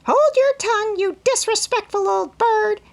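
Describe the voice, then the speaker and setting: A woman voicing a rude old parrot that squawks shrill insults in a storybook. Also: a little slow, gravelly, heavily acted. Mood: squawking.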